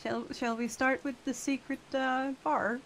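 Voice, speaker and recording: Woman, game role-play, polite and deferential, high-pitched voice. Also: flat delivery, measured pace, a crowd in the background.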